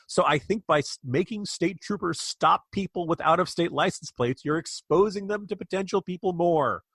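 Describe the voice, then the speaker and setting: A man's voice: mid-range voice, a bit bright, breathy edge, no echo, clean studio sound. An American man co-hosting a political podcast, speaking emphatically and indignantly with frequent restarts. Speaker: podcast co-host. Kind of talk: political commentary.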